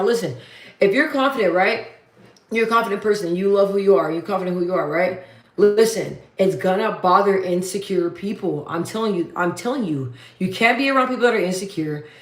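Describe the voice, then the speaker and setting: A woman hosts her own livestream in a deep, bassy voice with a mid-range pitch. She talks casually and bluntly, matter-of-fact, circling back over her points for emphasis. The room adds a noticeable echo. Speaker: livestream host. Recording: roomy echo.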